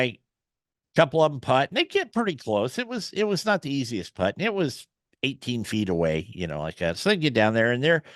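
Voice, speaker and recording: A man's voice: mid-range voice, fairly bright tone, no echo. A man hosting a casual golf interview, telling folksy stories with lots of fillers and restarts. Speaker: podcast host.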